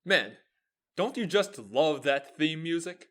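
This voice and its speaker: A man's voice: fairly high pitch, animated, takes it slowly, fairly bright tone. A young man with an American accent hosting his own video show, explaining in an upbeat, lecturing way. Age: young adult. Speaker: host. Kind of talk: lively explanatory video talk.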